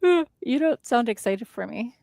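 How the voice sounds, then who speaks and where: A woman co-hosting a casual co-working livestream from her living room desk speaks at normal speed with a voice on the high side, lively intonation, vocal fry, and a slightly mellow quality. Chatty and prone to restarts, she reads viewer comments aloud, and there's no echo.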